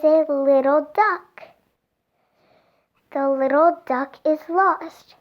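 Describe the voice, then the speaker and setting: Lady reading a kids' book out loud really slowly, high and bouncy, sounds a bit muffled. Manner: slow, clear and sing-song for small children. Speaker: storybook reader. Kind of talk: children's picture book read-aloud.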